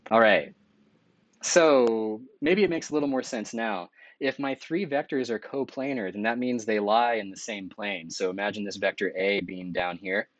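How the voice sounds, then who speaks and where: A man with a low voice walks through a math lecture in an easygoing, conversational way, sometimes stopping to correct himself. The sound is dry and close, with no room echo. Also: normal speed. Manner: relaxed and conversational, with small self-corrections.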